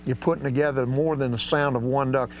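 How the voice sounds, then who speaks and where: A folksy man explains duck calling with an easy drawl and plain, casual grammar. His voice sits at an ordinary pitch. The audio is a little dull, with a faint hum underneath. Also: fairly even intonation, fairly quick. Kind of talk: outdoor hunting instruction.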